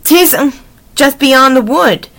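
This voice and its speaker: A woman voicing a frightened village boy with a hushed, fearful manner in a storybook read-aloud. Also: sits high, lively intonation, slow, exaggerated voice.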